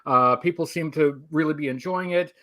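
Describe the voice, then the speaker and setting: A man chatting as a guest on a livestream. He speaks in a halting, self-deprecating way, with a voice pitched slightly high. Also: bright, forceful tone. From United States. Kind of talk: casual livestream chat.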